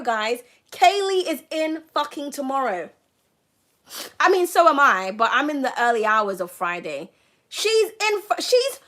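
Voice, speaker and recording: A woman giving a live-stream tarot reading, chatty and excitable, swearing freely. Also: high-pitched. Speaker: tarot reader.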